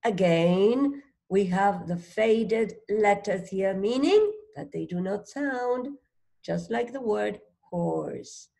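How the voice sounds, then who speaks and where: A woman teaching a child to read, sounding out letters one by one and gently encouraging with prompts and questions. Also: mid-range voice, slow pace, creaky. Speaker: reading teacher. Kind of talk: phonics read-along lesson for a child.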